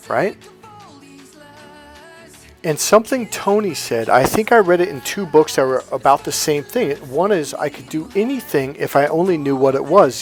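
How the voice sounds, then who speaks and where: A man telling a personal story as a motivational coach, animated and swearing freely, acting out quoted dialogue loudly. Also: on the high side. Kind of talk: casual storytelling monologue.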